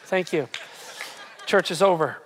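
Emphatic pastor preaching. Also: male voice, high voice, a little slow, a bit bright, a faint crowd, a little hiss or hum. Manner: emphatic, repeats words, asks the congregation questions. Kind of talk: sermon.

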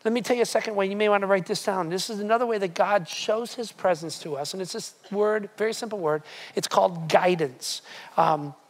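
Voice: mid-range voice, a little fast. Earnest pastor preaching conversationally. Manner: earnest, emphatic, repeats a refrain; casual storytelling with fillers and humor. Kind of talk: conversational sermon.

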